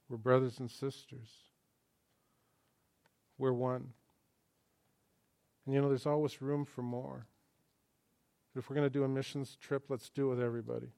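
Man, pastor, sermon, conversational and joking, mid-pitched voice, quiet to emphatic. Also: flat delivery, moderate pace, vocal fry, pauses often. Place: church.

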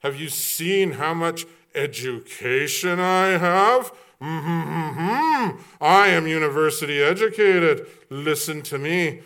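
A man voicing a conceited braggart who smugly boasts of his own brains, in a drawn-out, showy way. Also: fairly high pitch, a bit bright. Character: boastful conceited man, self-proclaimed genius.

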